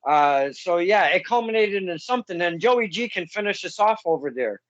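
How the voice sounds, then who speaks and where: High-voiced chatty male host. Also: animated, fairly bright tone, no room sound, lo-fi sound. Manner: chatty, recaps events in quick fragments. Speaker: podcast host. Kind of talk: casual interview questions.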